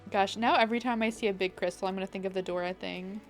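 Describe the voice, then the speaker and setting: A young woman streaming a game, chatting casually in a bubbly, excitable way full of "like.". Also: mid-range voice, fast talker, faint music behind. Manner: bubbly and excitable, many likes.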